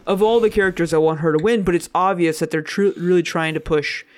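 A man's voice: on the high side, steady tone, quick pace. A man co-hosting a casual podcast, giving opinions on anime characters with lots of fillers like "like.". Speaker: podcast co-host.

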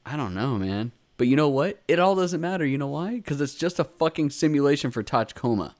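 A man's voice: a little high, a little fast. A man co-hosting a casual podcast, recapping episodes with swearing and acted-out character lines. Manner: animated, swearing, acts out characters' lines in raised voices. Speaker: podcast co-host. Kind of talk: casual chat recapping an anime.

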